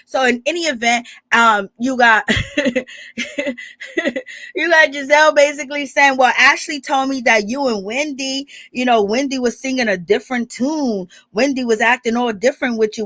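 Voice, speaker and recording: A woman's voice: on the high side, bright, forceful tone, no room sound. A woman giving casual, sassy gossip commentary as a reality TV recap vlogger, chatty and full of rhetorical questions.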